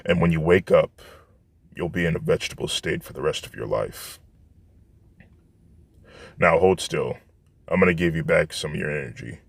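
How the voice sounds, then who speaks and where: A man voicing a calm, menacing teenage boy warlock who speaks quietly and delivers threats matter-of-factly, in a fan storybook narration. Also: very deep voice, normal speed, creaky, pauses often, no room sound, full character voice. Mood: coldly calm.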